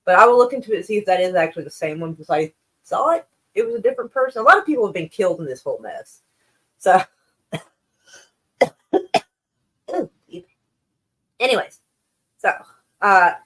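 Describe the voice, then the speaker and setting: Effusive, foul-mouthed woman streamer. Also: on the low side. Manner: effusive, profane, rambling. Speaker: live stream host. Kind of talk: casual chat with live chat viewers.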